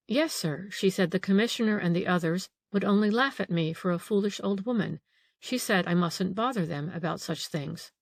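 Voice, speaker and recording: A woman's voice: medium pitch, normal speed, gravelly, no room sound, studio quality. A woman reading an audiobook, voicing an old female housekeeper who grumbles, frets and takes offence easily. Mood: anxious.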